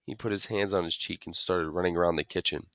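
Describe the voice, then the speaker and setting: A man reading a storybook aloud, with a bright, edgy tone. He drops low and quiet for the narration between lines of dialogue. The recording is dry and close. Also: steady tone, fast, dry recording.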